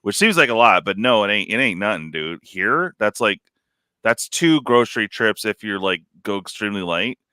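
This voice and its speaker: A man chats on his live stream in a rambling, animated way. His voice is bright and clear, with a dry, close sound. His pitch swings widely as he talks. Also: normal speed, no room sound. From California. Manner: rambling, animated, lots of "like" and "dude". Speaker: stream host. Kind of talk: casual live-stream chat.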